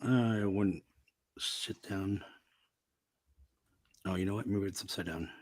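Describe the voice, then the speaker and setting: A fairly low-voiced man, recorded close and dry, chatting casually while he works with his hands. He makes understated, wry remarks rather than big jokes. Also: slow, no echo. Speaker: sign builder and host. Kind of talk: casual chat while working.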